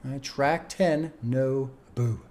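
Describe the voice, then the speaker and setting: A man's voice: medium pitch, very slow, darkish tone. A young man casually reacting to a song, chatty and laid-back, laughing often and reading lyrics aloud. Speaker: music reaction streamer.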